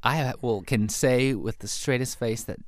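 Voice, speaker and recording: A man's voice: medium pitch, normal speed. A young man, a novelist guest in an interview, talking about his writing and laughing at himself as he reads his own early story aloud.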